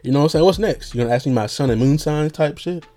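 A man's voice: a little high, quick pace, mellow. Young man, podcast host, loose slangy rambling, laid-back joking, faint music underneath. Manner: loose and slangy, full of fillers, jokes around. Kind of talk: casual rambling monologue.

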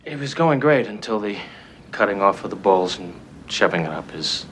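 Gentle male therapist, lively intonation, film dialogue. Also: lowish voice, moderate pace, slight background noise. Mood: coaxing. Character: mild patient male therapist.

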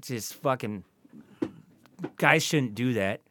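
A man's voice: medium pitch, slow pace, fairly bright tone, slight background noise. A man co-hosting a podcast, telling stories in a casual, profane, ranting way. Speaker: podcast co-host. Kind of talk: casual chat.

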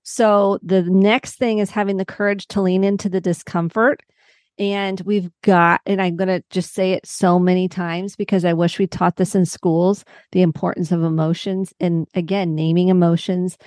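Middle-aged therapist lady, lowish voice, talks you through examples step by step. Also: level tone, moderate pace, no echo, studio quality. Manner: warm explanatory, walks through examples. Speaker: psychotherapist guest. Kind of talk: podcast interview.

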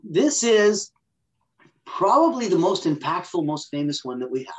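A woman's voice: fairly low pitch, moderate pace, poor audio. A woman guest expert explaining a technique in an interview, acting out little scenarios as she goes. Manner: animated, acts out scenarios in quoted voices.

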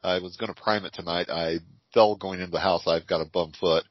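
Older man, low husky voice. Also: steady tone, brisk, no room sound. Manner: rambling, chuckling storyteller. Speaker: podcast co-host. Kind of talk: casual chat. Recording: dull lo-fi dry recording.

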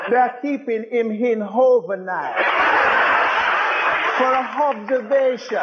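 An actor playing a pompous young Nigerian accountancy student lecturing a studio audience in a comedy sketch. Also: male voice, extremely high pitch. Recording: dull old TV recording, loud noise, hall echo.

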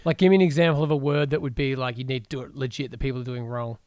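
A man hosting a podcast, asking quick questions in a relaxed way and swearing casually. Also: medium pitch, smooth, no room sound, studio quality. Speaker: podcast host. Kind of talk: casual interview chat.

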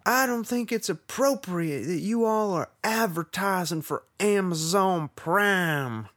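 A man voicing an indignant Southern gentleman shopper with a put-on Southern accent. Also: high-pitched, animated, takes it slowly, pitched above the performer's own voice, exaggerated voice. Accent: American Southern, put on. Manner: prissy, indignant complaining. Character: snooty Southern gentleman shopper, male adult.

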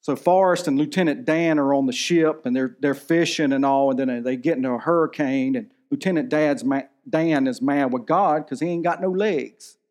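A pastor in his forties delivers a sermon in a relaxed, storytelling way. His voice sits a bit high for a man, and he talks to the congregation like he's chatting with them. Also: moderate pace, hardly any pauses. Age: 40s. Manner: conversational preaching, storytelling with movie anecdotes.

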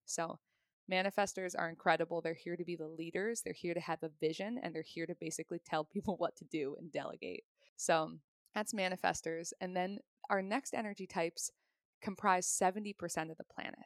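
Woman, thirties, gravelly voice, chatty explainer, dry close sound. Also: on the low side, steady tone, a little fast, no echo. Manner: chatty and explanatory, laughs often. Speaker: podcast guest, human design reader. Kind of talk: casual podcast conversation.

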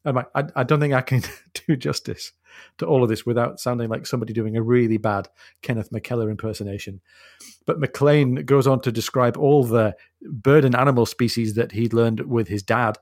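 A man's voice: medium pitch, brisk, a little mellow, no room sound, studio quality. A man co-hosting a podcast, casually discussing a novel and reading passages aloud with expression, laughing often. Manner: thoughtful, reads quotes with expression, laughs often. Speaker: podcast co-host.

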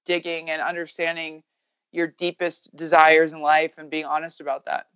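Blunt, energetic woman in her thirties. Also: sits low, normal speed, clean tone, no room sound, muffled recording. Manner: energetic, blunt, swears casually. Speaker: guest, baseball coach. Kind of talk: candid podcast conversation.

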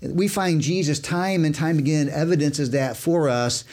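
In a casual Bible discussion, a male co-host explores Scripture with a pastor, unhurried and fairly high-pitched, with a slightly mellow voice. He makes his points emphatically, illustrates with everyday examples, and tends to repeat words.

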